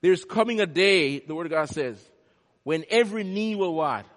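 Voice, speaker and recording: A male pastor delivering a sermon, swinging from hushed, quiet lines to loud, impassioned ones. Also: high-pitched, expressive, moderate pace. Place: church. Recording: long echo of a large hall.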